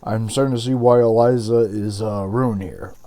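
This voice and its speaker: A man streaming a game playthrough, joking and swearing in an expressive way. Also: lowish voice, moderate pace, crowd noise.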